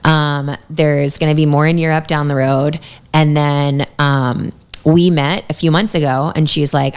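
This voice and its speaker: A woman's voice: low voice, fairly even intonation, unhurried, clear, resonant tone. A young woman telling stories in a chatty way, with lots of fillers, as a guest in a podcast studio. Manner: chatty storytelling, many fillers. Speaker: yoga teacher and guest. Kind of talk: casual podcast interview.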